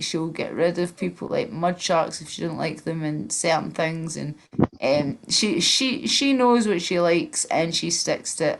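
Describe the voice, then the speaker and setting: A woman with a Glasgow accent hosting a casual stream, chatting in a rambling way and swearing a lot. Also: on the low side. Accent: Scottish, Glasgow. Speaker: streamer host.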